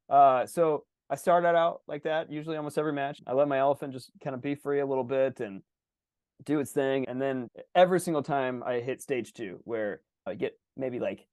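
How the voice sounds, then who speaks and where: A man hosting a podcast, telling a rambling, animated story in casual chat and swearing freely. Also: medium pitch, fairly quick, clear, resonant tone, dry recording. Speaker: podcast host.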